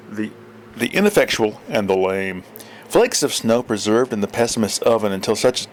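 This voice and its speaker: A man reading absurdist comic fiction aloud, deadpan and expressive. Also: medium pitch, a little hiss or hum. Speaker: storyteller.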